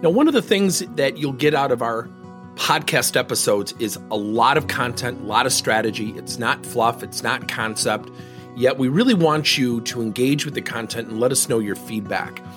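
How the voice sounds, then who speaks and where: A man's voice: medium pitch, moderate pace, soft background music. A man hosting a coaching podcast, giving direct advice and telling stories where he acts out the people in them. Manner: animated storytelling, acts out quoted people. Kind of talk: solo podcast monologue.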